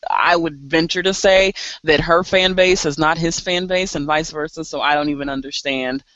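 A woman co-hosting a casual podcast chat, talking in an animated way with laughs and exasperated asides. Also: low voice, moderate pace, no room sound, lo-fi sound. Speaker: podcast co-host.

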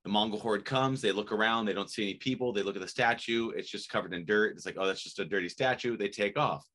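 A man hosting a casual interview who explains ideas in a rambling, animated way, often checking in with "right?". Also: lowish voice, fast.

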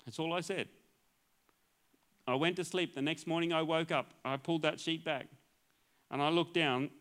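A man's voice: fairly high pitch, steady tone, normal speed, fairly bright tone. A male pastor telling his healing testimony as a sermon, acting out the dialogue in a storytelling way and laughing often.

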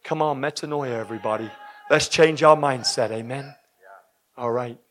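A man preaching a sermon full of stories, exuberant and breaking into shouts at high points. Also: normal speed, slight background noise. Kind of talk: sermon with storytelling.

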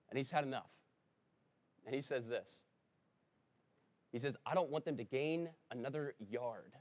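Guy preaching in church, chatty, gets loud and punchy on the quotes, fixes his slips as he goes. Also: medium pitch. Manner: conversational, with emphatic rises on quoted lines. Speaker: pastor. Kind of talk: sermon.

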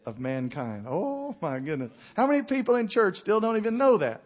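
A male pastor preaches with a sing-song delivery, voicing Bible characters quickly and going low and soft for emphasis.

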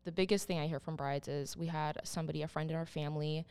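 Woman photographer on a podcast, lowish smooth voice, animated storyteller. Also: fast. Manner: animated storyteller, acts out quotes. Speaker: wedding photographer guest. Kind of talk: casual podcast chat.

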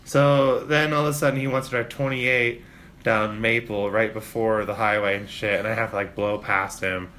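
Fired-up guy ranting a road story, bright sharp voice, swears a lot, faint hiss. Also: lowish voice, normal speed. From Spokane, Washington. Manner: animated, profane, mimics people in shouts. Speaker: storyteller in a casual chat. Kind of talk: casual chat, profane road-rage story. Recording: faint ambient noise.

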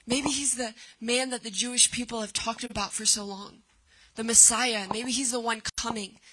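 A woman's voice: on the high side, steady tone, normal speed, noisy background. A woman preaching a sermon, reading scripture aloud and then retelling it with dramatic cries.

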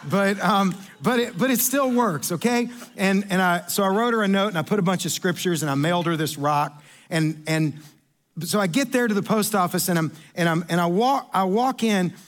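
A pastor tells a long, rambling story in a sermon, poking fun at himself as he goes. His voice is high and he stumbles and restarts often. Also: fairly bright tone. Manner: rambling, self-deprecating, lots of restarts.

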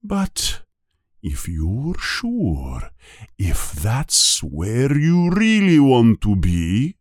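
A man reading a storybook aloud, voicing a wise old talking magic hat with a slow, drawn-out, musing manner and a low husky murmur. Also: huge pitch swings, dry recording, studio quality, full character voice.

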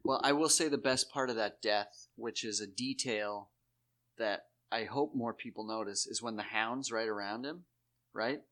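A man talking in rambling, profane casual chat, jumping into high put-on voices to act out scenes. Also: moderate pace. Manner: animated, acts out characters in high put-on voices. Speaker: podcast co-host.

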